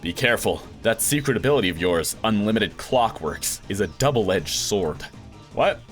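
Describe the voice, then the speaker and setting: A man's voice: fairly low pitch, lively intonation, moderate pace, soft background music. A young man, a voice actor, reading a visual novel aloud and acting out the lines, with his own reactions mixed in. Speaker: voice actor doing a game playthrough.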